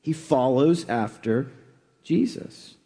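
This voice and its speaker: A man preaching a sermon, conversational and unhurried, with fillers and restarts. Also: medium pitch, expressive, dark tone, in a large hall.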